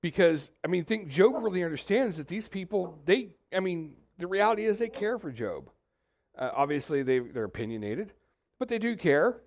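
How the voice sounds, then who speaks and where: A middle-aged man, preaching a sermon in a church in a lively, conversational way and talking straight to the congregation. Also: high-pitched, normal speed. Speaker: pastor. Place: church sanctuary.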